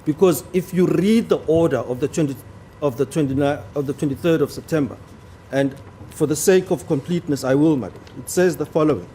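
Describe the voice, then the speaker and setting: A man's voice: on the high side, fairly quick, warm tone, a little hiss or hum. A man arguing a legal point before a judge in a courtroom, formal and deferential to the bench, stressing key words. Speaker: advocate.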